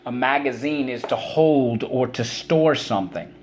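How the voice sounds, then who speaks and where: A middle-aged male teacher with a medium-pitched voice and measured pace leads children through a spelling and vocabulary lesson, patiently explaining each word with many examples.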